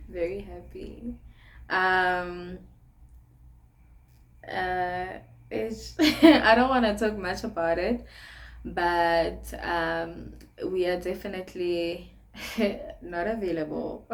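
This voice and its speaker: A young woman with a South African accent chatting casually to camera in a sit-down vlog, laughing often between phrases. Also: mid-range voice. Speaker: vlogger.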